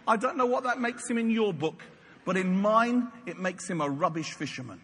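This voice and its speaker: A man's voice: sits high, expressive, normal speed, fairly bright tone. A man preaching a sermon in a playful, jokey storytelling way. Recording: long hall reverb, faint noise.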